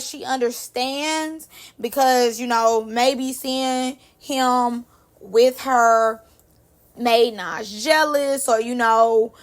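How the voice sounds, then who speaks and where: A young woman recapping a reality show in a casual, animated, slangy way. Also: fairly high pitch.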